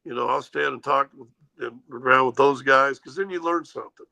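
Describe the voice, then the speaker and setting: A man hosting a casual sports talk show, telling animated stories and mimicking others. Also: medium pitch, brisk, gravelly, rough recording. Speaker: sports radio host.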